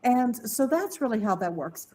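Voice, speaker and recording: A woman's voice: a little high, normal speed, poor audio. Candid woman telling a personal story. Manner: candid, animated, mimics voices in quotes. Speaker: podcast guest. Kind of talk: casual storytelling.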